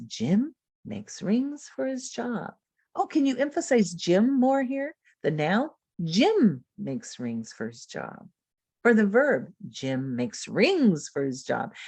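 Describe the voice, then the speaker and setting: Woman presenter, lower register, dry close computer mic; explanatory lecture, models phrasing. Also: darkish tone, no room sound. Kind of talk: teacher-training webinar lecture. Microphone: computer mic on a video call.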